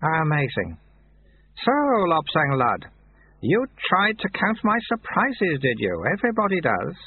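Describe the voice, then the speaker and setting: A man's voice: fairly high pitch, wildly swooping pitch, a little hiss or hum, pitched above the performer's own voice, exaggerated voice. A man doing a cheerful little old monk. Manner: cheerful, unhurried and gently teasing. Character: amiable little old male monk sweeper. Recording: tinny phone-like audio.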